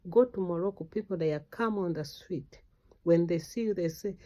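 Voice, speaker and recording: A middle-aged woman from Uganda, an activist giving an impassioned political speech, exhorting listeners with sudden loud outbursts. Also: fairly low pitch, moderate pace, muffled recording.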